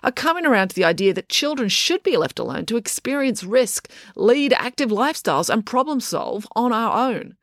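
A woman's voice: fairly high pitch, very animated, moderate pace, hardly any pauses, fairly bright tone, no room sound, studio quality, voice pushed up, heavily acted. A woman doing a sarcastic, defiant schoolgirl. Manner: argumentative, sardonic.

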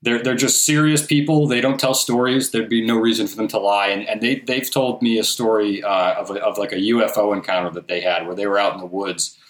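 Man, low voice, rambling casual storyteller, roomy echoey recording. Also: fairly even intonation, brisk, hardly any pauses. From southeastern Massachusetts. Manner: rambling, many restarts and fillers. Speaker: guest, documentary filmmaker and collector. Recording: roomy echo.

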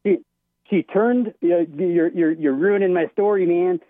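A man on a tinny phone line, a little higher-voiced than most, rambles through a story in a casual phone-in call. He keeps restarting his sentences. The sound is dry and close. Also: fairly even intonation, a little slow, no room sound. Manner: rambling, many restarts, vivid retelling. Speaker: caller.

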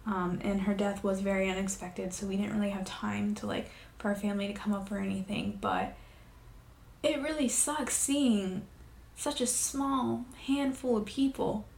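A woman's voice: mid-range voice, expressive, vocal fry, a little mellow. Emotional young woman in an echoey room. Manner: emotional, halting, with many fillers. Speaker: podcast host. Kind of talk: personal confessional talk.

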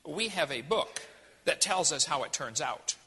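A man's voice: on the high side, lively intonation, a little slow, bright, forceful tone, husky, long reverb tail. A man giving a folksy, emphatic sermon-style lecture. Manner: folksy, emphatic, jokey preaching. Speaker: creationist speaker.

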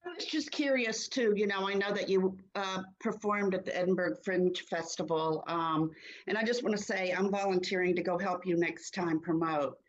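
A woman's voice: mid-range voice, moderate pace. Woman co-host, curious friendly questions, dull lo-fi sound. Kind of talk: casual radio chat.

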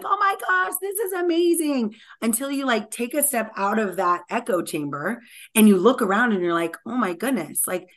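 Talkative woman guest on a tech podcast, lively, lots of "like"s, middle pitch. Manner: energetic and talkative, many "like" fillers. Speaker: guest technologist. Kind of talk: conversational podcast interview.

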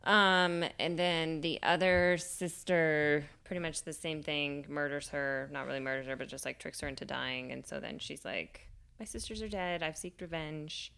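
A woman's voice: low-pitched, level tone, moderate pace, vocal fry, few pauses, bright, forceful tone, clean tone. A young woman co-hosting a podcast, chattily retelling a myth with lots of fillers. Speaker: podcast co-host. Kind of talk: casual storytelling chat.

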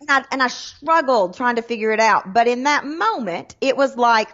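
Southern woman, 30s, big dramatic personality, slightly high voice, dull audio. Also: normal speed. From Southern United States. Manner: animated, dramatic storyteller. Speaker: guest, sales trainer. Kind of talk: casual interview chat.

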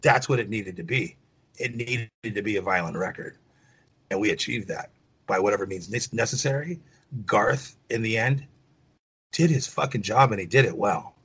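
A man's voice: on the low side, expressive, moderate pace, fairly bright tone, husky, rough recording. A middle-aged man, a former rock band lead singer, telling stories in an interview in a rambling, profane way full of "you know.". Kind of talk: casual interview storytelling.

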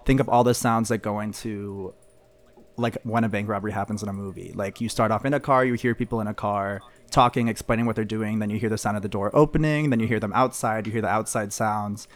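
A man's voice: on the low side, fairly even intonation, fast, hardly any pauses. Hesitant young man, podcast guest. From Missouri. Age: young adult. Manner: hesitant, many fillers and restarts. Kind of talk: casual chat.

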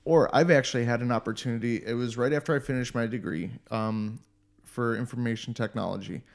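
A man's voice: medium pitch, a little fast. A man in casual podcast chat, telling stories animatedly and swearing freely. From United States.

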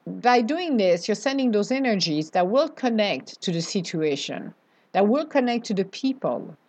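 Animated woman. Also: medium pitch, normal speed. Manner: animated, playful asides with laughs. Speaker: spiritual speaker. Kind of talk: casual spiritual talk.

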